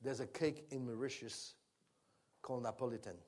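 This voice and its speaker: A man preaching a sermon, moving from quiet, conversational teaching to loud, fervent worship leading. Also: mid-range voice, normal speed. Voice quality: speaks in tongues during worship.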